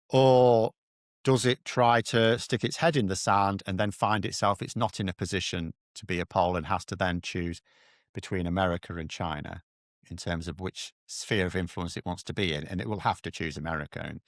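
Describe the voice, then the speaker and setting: Blunt low-voiced British commentator. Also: male voice, no room sound, clean studio sound. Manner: animated, blunt, slangy. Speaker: political commentator. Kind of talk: casual political analysis.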